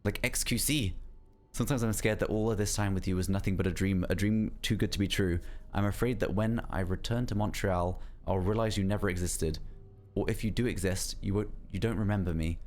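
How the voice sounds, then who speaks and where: A man's voice: fairly low pitch, fairly quick, a little mellow. A man streaming a game live, reading notes and letters aloud and breaking off to chat with his viewers. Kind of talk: live gameplay commentary.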